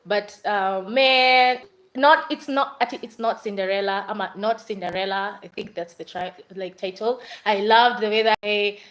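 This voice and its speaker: A woman's voice: mid-range voice, normal speed, fairly bright tone, poor audio. A young Kenyan woman chatting casually on a livestream about movies she watched, rambling and dropping Swahili fillers. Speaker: vlogger reviewing movies.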